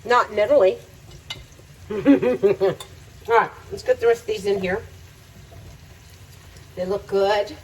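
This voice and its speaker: A woman's voice: mid-range voice, measured pace, long pauses, recorded from a distance, poor audio. A woman making a home cooking video, chatting to viewers as she cooks and laughing often. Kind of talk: casual cooking demonstration. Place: home kitchen.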